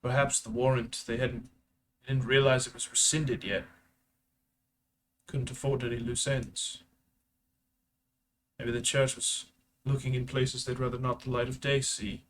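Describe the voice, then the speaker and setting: A man's voice: mid-range voice, level tone, a little slow, pauses often, slight background noise, natural voice. A man voicing a stern male spymaster commander who gives curt, clipped orders in a tabletop game. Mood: urgent.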